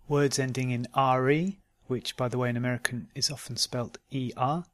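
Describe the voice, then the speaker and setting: A man with a British accent teaching pronunciation, reading word lists one word at a time in a deliberate drilling manner. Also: mid-range voice, fairly even intonation. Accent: British English. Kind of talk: pronunciation lesson.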